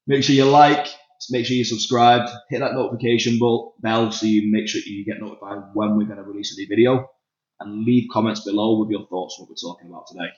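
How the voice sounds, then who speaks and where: A lower-voiced man with a Manchester accent hosts a grappling chat show. He talks loosely, swears freely and laughs easily. The recording is dull and lo-fi. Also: steady tone, brisk, a little mellow. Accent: Northern English, Manchester. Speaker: podcast host and grappling coach. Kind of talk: casual chat. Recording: dull lo-fi sound.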